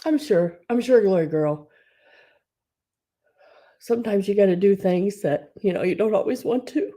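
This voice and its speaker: A woman hosting an online live sale, tearful and crying, talking haltingly and often dropping to a whisper. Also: medium pitch, lively intonation, mellow. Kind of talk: emotional live-stream chat.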